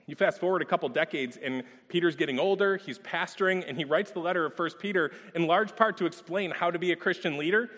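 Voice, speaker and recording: A man with a fairly high voice preaches a sermon in a casual, storytelling way and keeps asking rhetorical questions. His voice rings out through a large hall with a long echo trailing behind each phrase. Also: fast talker, few pauses, fairly bright tone. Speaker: pastor.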